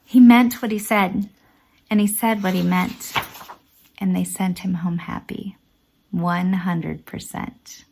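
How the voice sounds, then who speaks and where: A woman, a teacher, reading a rhyming storybook aloud with lively, expressive delivery. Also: medium pitch, a little slow, long pauses.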